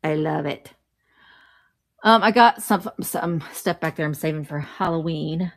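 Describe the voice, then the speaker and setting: Chatty and cheerful, a middle-aged woman rambles through a casual home live stream, welcoming viewers and holding up vintage items from her shelves. She speaks in a low voice, a little slowly.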